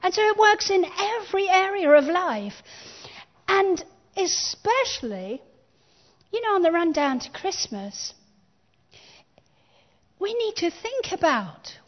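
A woman pastor delivers a sermon in a high, bright-sounding register, taking her time over each phrase. She stresses key words with rising emphasis and invites the congregation to speak along. The recording is dull and lo-fi, like a church capture. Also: sing-song, slow, pauses often. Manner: emphatic preaching with call-and-response.

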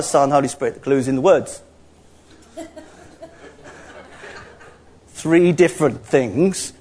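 A man preaching a sermon in an animated, playful way, acting out little dialogues as he teaches. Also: fairly high pitch.

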